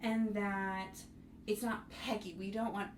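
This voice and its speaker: A woman's voice: medium pitch, little pitch movement, takes it slowly. A woman teaching young students a piece, speaking in an encouraging way and singing rhythms on syllables to show them. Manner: sings rhythms on syllables to demonstrate. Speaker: bassoon instructor. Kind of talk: music tutorial. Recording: roomy, mic at a distance, faint noise.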